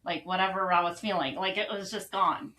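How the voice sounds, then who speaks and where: Bright-voiced woman sharing testimony. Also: lowish voice, steady tone, brisk, low-quality recording. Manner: earnest, rambling testimony with laughs. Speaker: co-host. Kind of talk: casual faith conversation.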